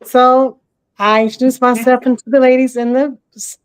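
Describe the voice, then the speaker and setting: A woman speaks in an easygoing, modest way and laughs often. Her voice sits a little high and stays friendly and unhurried. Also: level tone, smooth, rough recording. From Detroit. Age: 50s. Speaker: guest. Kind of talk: casual chat.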